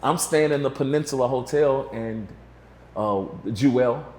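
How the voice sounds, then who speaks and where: A man's voice: mid-range voice, a little slow. A man in his forties, a guest in an interview, telling a long story in a casual, rambling way full of "you know". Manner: rambling, filler-heavy, restarts with "you know". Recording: roomy echo.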